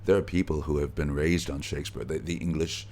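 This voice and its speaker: A middle-aged actor, a guest in an interview, telling stories in a relaxed way with easy laughs, recorded backstage at a theatre. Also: male voice, very deep voice, fairly quick, slight background noise. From United States. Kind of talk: conversational interview.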